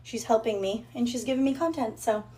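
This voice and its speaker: A woman vlogger talks straight to her viewers in a brash, profane, sassy rant. Her voice sits a little on the high side. She tells her story in a loose, casual way. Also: brisk, warm tone.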